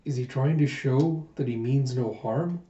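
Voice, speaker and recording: A man's voice: medium pitch, measured pace, warm tone, close to an everyday voice. A man voicing a determined young princess, speaking earnestly in a slightly dull, roomy home recording. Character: determined young princess, gentle but brave.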